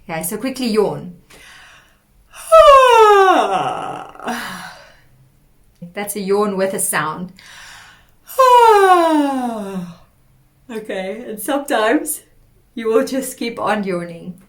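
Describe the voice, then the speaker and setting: A woman teaching a singing lesson, explaining patiently and demonstrating sung warm-up exercises. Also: medium pitch, lively intonation, normal speed. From South Africa. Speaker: vocal coach.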